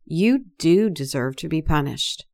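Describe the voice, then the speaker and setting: A woman voicing a dominant mistress who speaks in a soft, soothing but commanding voice for an erotic story reading. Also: low voice, expressive, unhurried, creaky, heavily acted. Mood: coaxing.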